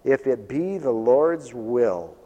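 A man preaching a sermon as pastor, swinging between quiet asides and loud emphatic calls. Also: medium pitch, expressive, slow. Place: church. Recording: muffled church recording with long reverb. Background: radio ministry broadcast of a church service.

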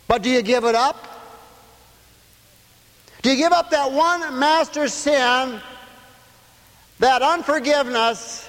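A man with a high voice preaches slowly and deliberately. His delivery swings between loud and hushed as he tells stories. The sound rings with the long reverb of a large hall. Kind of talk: sermon.

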